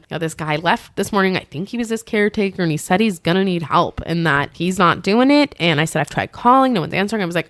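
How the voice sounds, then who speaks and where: A podcast host, a woman, tells a story in a casual, animated way, acting out the voices she quotes. Her pitch is fairly low, and the studio sound is clean with no echo.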